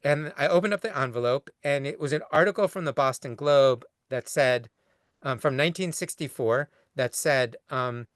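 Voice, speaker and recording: A man's voice: mid-range voice, normal speed, no room sound. Male rabbi lecturing over a video call, mid-range voice, rambling and long-winded, dry close sound. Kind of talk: conversational lecture answering a question.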